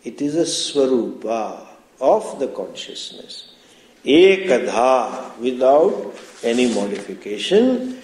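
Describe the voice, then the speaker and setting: A man's voice: medium pitch, sing-song, slow pace, a little mellow. A man teaching a class on scripture, explaining patiently with rhetorical questions and chanted Sanskrit terms. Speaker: spiritual teacher. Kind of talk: lecture on scripture. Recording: roomy classroom echo.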